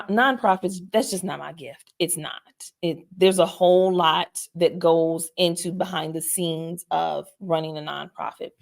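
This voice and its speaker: A woman's voice: on the low side, creaky. A woman guest on a podcast, candidly telling her own story in a reflective, hesitant way with many fillers and restarts.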